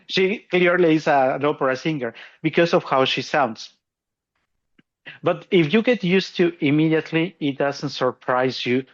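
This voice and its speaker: Self-mocking man with a lo-fi sound. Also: medium pitch. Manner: laughs often, self-deprecating. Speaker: podcast co-host. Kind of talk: casual explanatory chat.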